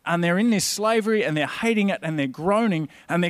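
A man preaching a conversational, earnest sermon in a slightly higher voice. The sound is dry and close, with hardly any room around him. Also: fast talker, few pauses, no room sound.

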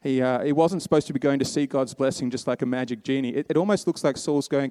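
A man's voice: mid-range voice, fast talker, few pauses, mellow, no room sound. A man preaching a sermon, telling a Bible story in a casual, conversational way and voicing the characters' lines.

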